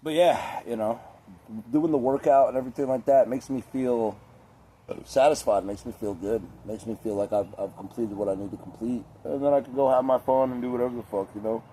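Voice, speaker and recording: A man's voice: medium pitch, fairly even intonation, fairly quick, warm tone, a little hiss or hum. A young man rambling casually in a laid-back, profane, chatty way with lots of fillers.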